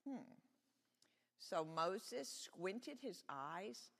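A woman leading a children's sermon in church, telling a Bible story simply and warmly to kids. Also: low voice, measured pace, creaky, long reverb tail. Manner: friendly, explaining simply to children. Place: church sanctuary.

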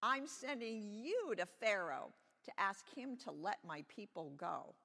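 A woman voicing God as a loud, commanding storybook voice for children in a church. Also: medium pitch, very animated, unhurried, creaky, big-room sound, pitched above the performer's own voice, full character voice. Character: voice of God, booming and solemn.

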